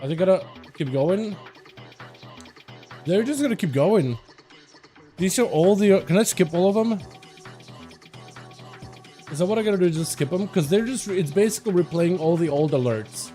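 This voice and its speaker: Man, game streamer, tired, chatty, quick laughs, slightly high voice, soft music behind. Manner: chatty, laughs often, excitable outbursts. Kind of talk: casual livestream chat.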